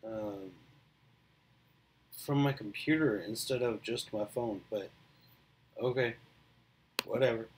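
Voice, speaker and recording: A man's voice: fairly low pitch, slow pace, long pauses. A middle-aged man, chatting casually on his own and telling a story, rambling with many fillers and restarts. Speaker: vlogger. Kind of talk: casual solo chat.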